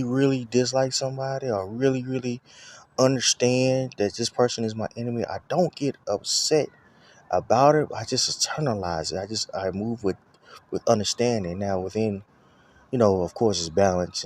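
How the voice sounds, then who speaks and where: A man's voice: lowish voice, darkish tone. A man giving a casual personal testimony, rambling and profane, with lots of filler phrases. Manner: rambling, profane, full of "you know what I'm saying".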